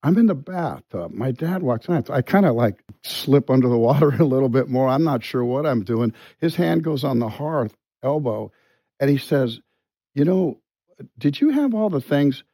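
Brief: middle-aged male guest, mellow and halting, dry studio sound. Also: mid-range voice, no room sound. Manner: halting, full of restarts and quiet asides. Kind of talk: conversational storytelling.

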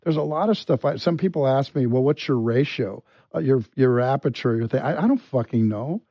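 A man speaking as an actor guest in an interview, frank and unpolished, swearing freely and restarting his sentences. His voice is warm and mellow, and the recording is dry with no room sound. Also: mid-range voice, brisk, no echo, poor audio. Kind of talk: candid interview storytelling.

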